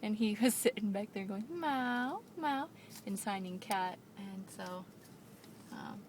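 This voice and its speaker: A mother filming a home video on a handheld camera, coaxing and praising her toddler in a slow, sing-song way. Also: medium pitch, flat delivery, darkish tone, slight background noise. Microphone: handheld camera she is holding.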